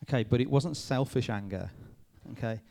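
A man, a youth pastor giving a lively talk to a youth group, checking in with them often. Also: medium pitch, normal speed, creaky, a little hiss or hum. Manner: lively, addresses the group with frequent "okay?" checks. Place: room with a live youth audience.

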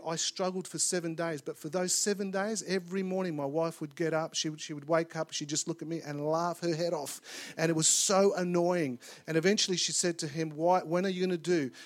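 A man preaching a sermon to a live congregation, telling a story in an animated way and acting out the voices he quotes, growing loud at tense moments. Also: a little high. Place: church or conference hall with live audience.

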